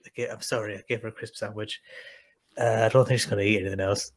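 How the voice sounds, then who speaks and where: A British man putting on a flustered, sheepish dad who mumbles low and hushed. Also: steady tone, fairly quick.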